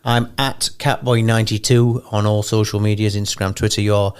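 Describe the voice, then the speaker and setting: A man's voice: fairly low pitch, little pitch movement, a little fast, clear, resonant tone. A man with an English accent hosting a podcast in casual chat, wry and rambling, feeling poorly and emotional. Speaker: podcast host.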